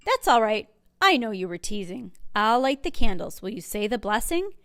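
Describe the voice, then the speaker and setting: A woman reading a picture book aloud and voicing a kind, cheerful old grandmother who fusses over a guest and scolds gently. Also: fairly high pitch, sing-song, normal speed. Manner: warm, fussing, chatty and gently scolding.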